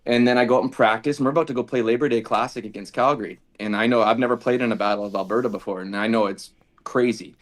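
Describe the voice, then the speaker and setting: Talking fast in a medium-pitched voice, the retired kicker tells casual stories on a podcast. Each tale comes with animated, acted-out dialogue from the people in it.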